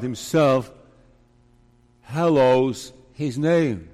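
A male pastor preaches in a slow, measured cadence, leaning hard on key words and posing rhetorical questions. His voice sits a little high for a man. It rings out with the long reverb of a large church hall. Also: a little mellow. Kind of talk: sermon.

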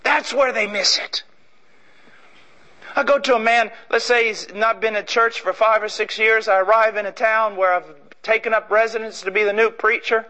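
A man from Illinois preaching a fiery sermon, his voice high and forceful. He shouts out key points, then drops to a low, pressing intensity before building again. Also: fairly even intonation, moderate pace, low-quality recording. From Illinois, USA. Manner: impassioned, swings between shouting and low intensity.

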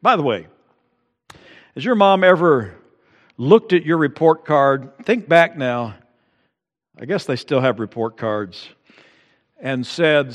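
A man's voice: medium pitch, lively intonation, unhurried, pauses often, big-room sound. A male pastor preaching a sermon, building to emphatic peaks and acting out quotes.

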